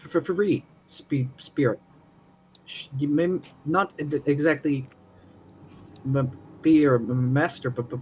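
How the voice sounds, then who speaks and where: A man's voice: fairly high pitch, darkish tone, slight background noise. A man doing a badly stammering envoy. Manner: heavy stutter, repeated syllables. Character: nervous stammering male merchant's envoy. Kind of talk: tabletop role-play.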